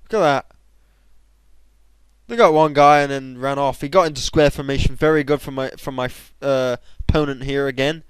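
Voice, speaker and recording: Excitable young gamer, smooth voice. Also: male voice, moderate pace, no echo, poor audio. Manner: excitable, bursts into high shouts. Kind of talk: gameplay commentary.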